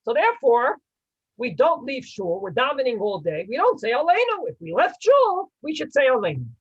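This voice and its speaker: A man teaching a lively class as a rabbi, quizzing and teasing his listeners as he explains. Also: extremely high pitch, moderate pace, slightly rough, highs cut off. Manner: animated, quizzes and teases the listeners.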